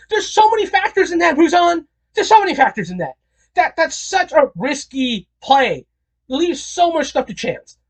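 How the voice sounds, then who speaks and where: A man talking alone in a casual commentary, animated and incredulous, rambling with restarts and repeated questions. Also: high-pitched. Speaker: video creator.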